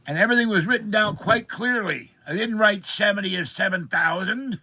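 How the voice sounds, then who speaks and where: A man's voice: sits high, a little fast, hardly any pauses, bright, forceful tone. A man in his seventies from Pittsburgh, telling an indignant, rambling story of complaint in a personal vlog. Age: 70s. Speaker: vlogger.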